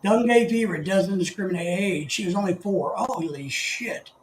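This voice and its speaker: High-voiced chatty male stream host. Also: normal speed. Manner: chatty, greets viewers by name, rambling. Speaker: livestream host. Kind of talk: casual live chat. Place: living in the Philippines. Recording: echoey room, faint background noise.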